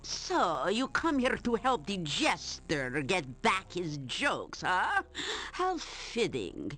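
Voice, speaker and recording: A cackling old witch from a video game, sliding all over her pitch as she taunts her prey. She is slow and deliberate, relishing every threat, and her voice sits a little low for a woman. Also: huge pitch swings, a bit bright, full character voice. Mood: gloating. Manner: cackling, taunting, sing-song.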